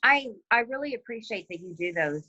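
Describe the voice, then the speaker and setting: A woman calling in over a video chat, speaking earnestly and slowly. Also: a little high, animated, sharp tone, slightly rough, no room sound, muffled recording. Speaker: caller.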